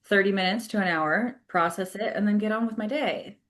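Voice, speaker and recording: A woman therapist from California, with a mid-range voice and a slightly fast pace, is a guest on a casual podcast. She's thoughtful, laughs easily and uses plenty of fillers.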